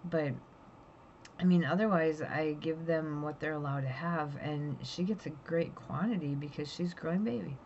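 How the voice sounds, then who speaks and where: A woman's voice: deep voice, moderate pace, a little mellow, lo-fi sound, a little hiss or hum. Blunt, chatty middle-aged woman vlogger. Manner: chatty, blunt, rambling with restarts. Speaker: pet vlogger. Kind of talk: casual storytelling vlog.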